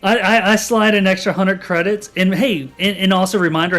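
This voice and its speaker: A man's voice: high-pitched, steady tone, brisk, few pauses, fairly bright tone, soft background music. A man playing a tabletop role-playing game, rambling and joking as he describes his character's actions. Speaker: player.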